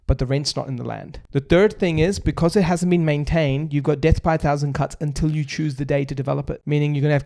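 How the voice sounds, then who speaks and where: As a guest on a podcast, the founder of a buyer's property agency explains investing in fast, emphatic runs of points. His voice is fairly high in pitch with a darkish tone.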